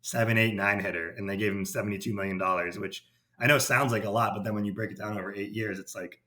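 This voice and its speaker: A man's voice: fairly low pitch, fast. A man talking casually as a podcast guest, loose and rambling, full of "like" and asides. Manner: relaxed, rambling, heavy use of "like". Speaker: podcast guest, baseball writer.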